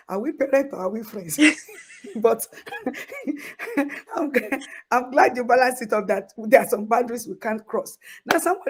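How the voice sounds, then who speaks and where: A woman from Africa with an African accent, hosting a talk show discussion, animated and emphatic, laughing often. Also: a little high, breathy edge. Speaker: host.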